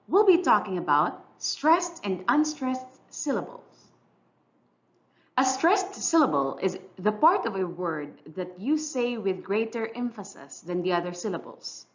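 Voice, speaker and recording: A woman teacher giving a clear, measured, scripted English lesson narration. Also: medium pitch, muffled recording. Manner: clear, instructional, measured delivery.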